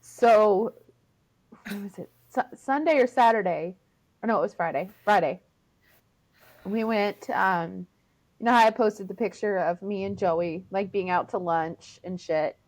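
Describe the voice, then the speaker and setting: A woman's voice: mid-range voice, unhurried, darkish tone. A woman in her thirties co-hosting a casual podcast, talking bluntly and swearing freely. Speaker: podcast co-host. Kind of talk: casual chat.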